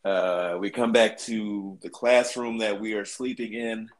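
Brief: slightly low-voiced man, army veteran, profane animated storyteller. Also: measured pace, rough recording. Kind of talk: casual storytelling.

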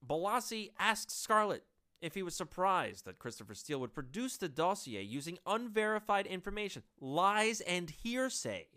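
A woman's voice: fairly low pitch, big pitch swings, moderate pace, a bit bright. A woman giving opinionated solo political commentary, sarcastic and exasperated, laughing at her own jokes.

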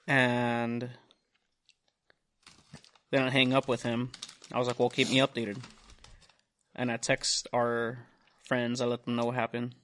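A man's voice: mid-range voice, unhurried, pauses often, slight background noise. A young man hosting a podcast, telling a long profane story in casual chat, acting out the other people's lines. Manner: profane, animated storytelling with quoted voices. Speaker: podcast host.

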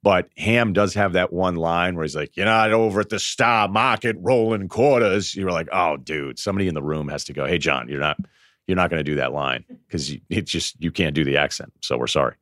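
A man chatting as a podcast guest, telling animated stories and acting out quoted lines. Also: very deep voice, brisk, dry recording, studio quality. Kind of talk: casual sports podcast chat.

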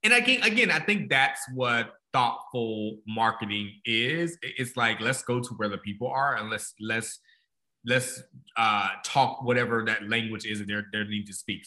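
Man, podcast co-host, very bright tense tone, reflective casual chat. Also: lowish voice.

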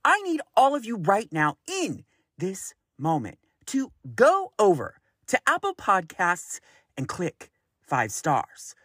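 Man, 30s, podcast host, solo monologue, very expressive pitch, slow drawn-out pace, exasperated, swears a lot, laughs often. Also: breathy edge, no room sound, studio quality.

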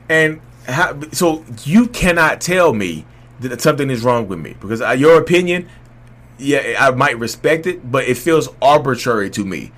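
A man speaks in a candid, unscripted monologue. He rambles and restarts, and his voice climbs loud when he gets heated. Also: mid-range voice. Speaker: vlog host speaking on his own experience.

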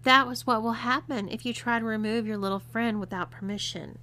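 A woman's voice: a little high, steady tone, brisk, pushed and bright. A woman voicing a cool, teasing young woman who gives orders. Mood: commanding. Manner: commanding, mocking.

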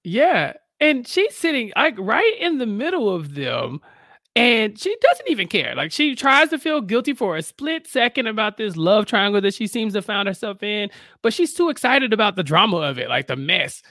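A young woman co-hosting a podcast, recapping a TV episode in playful, animated casual chat. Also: medium pitch, moderate pace, no room sound, studio quality. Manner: playful, animated, laughs easily. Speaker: podcast co-host.

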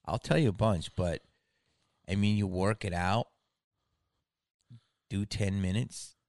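Host type, lower-voiced man, loose rambling comic patter, laughs a lot. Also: slow, darkish tone, no room sound, clean studio sound. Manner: rambling, swears, laughs often. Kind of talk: casual comedic chat.

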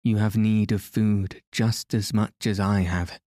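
A man voicing a gentle, resolute English noblewoman who speaks softly and formally. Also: fairly low pitch, fairly even intonation, measured pace, no room sound, clean studio sound, natural voice. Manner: soft, formal speech.

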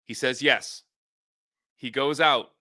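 A man co-hosting a podcast and coaching high school football, chatting casually, laughing often and acting out the people in his stories. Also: slow. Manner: lively storyteller, laughs often, acts out quotes. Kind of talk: casual chat.

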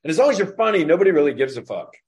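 Comedian guest, male, slight Indiana drawl, lively and profane, voice sitting a bit high. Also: very fast. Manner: profane, animated storyteller. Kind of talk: casual podcast chat.

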